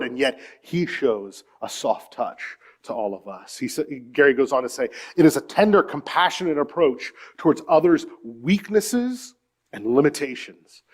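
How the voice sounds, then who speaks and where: Earnest pastor, man, preaching. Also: medium pitch. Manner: earnest storytelling, swings from hushed to emphatic. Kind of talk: sermon. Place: church.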